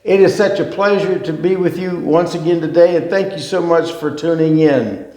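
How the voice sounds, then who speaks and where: A man's voice: on the high side, normal speed, dark tone. A man hosting a faith podcast, welcoming guests in a friendly, eager way. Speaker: podcast host. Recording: echoey room.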